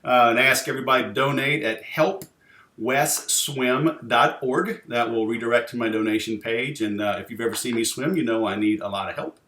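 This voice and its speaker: A man's voice: medium pitch, fairly quick, bright, forceful tone, reverberant. A man hosting a podcast interview, joking and teasing his guest in casual chat. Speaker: podcast host.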